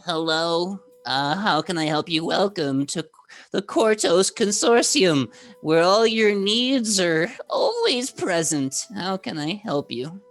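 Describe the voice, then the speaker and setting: A man's voice: sits high, big pitch swings, takes it slowly, faint music behind, pitched above the performer's own voice, exaggerated voice. A man doing a flustered, overly polite clerk. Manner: stammering customer-service pleasantness.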